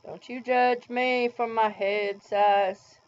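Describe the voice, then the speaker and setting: Excitable woman vlogger, slow and dull. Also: on the high side. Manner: bubbly, excitable, gushing. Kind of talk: casual unboxing vlog. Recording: dull lo-fi home recording.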